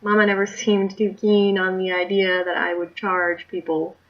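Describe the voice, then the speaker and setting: A woman's voice: medium pitch, little pitch movement, moderate pace. A tired woman telling a story in a candid, rambling video diary. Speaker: video diarist. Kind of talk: casual diary vlog. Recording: muffled lo-fi recording.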